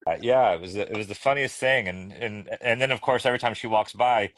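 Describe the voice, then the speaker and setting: A middle-aged man tells stories in a relaxed chat as a podcast guest. His voice sits fairly low and the recording is dry and close. He laughs often and restarts his sentences as he goes. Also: a little fast, no room sound. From United States. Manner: chatty, laughing, many restarts. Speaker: guest, children's book illustrator. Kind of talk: casual storytelling conversation.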